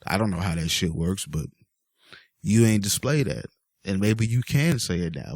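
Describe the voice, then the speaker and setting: Low-voiced man ranting casually. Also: animated, normal speed, darkish tone, no room sound. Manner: exasperated, rambling with many fillers. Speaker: vlogger. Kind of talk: casual rant to camera.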